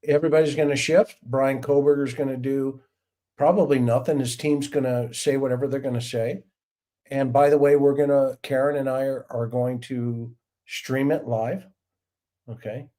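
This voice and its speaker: Speaking at medium pitch and a moderate pace, a middle-aged man hosts a laid-back livestream. This podcast host and retired policeman recounts lively episodes from his time as an officer, acting out each person involved.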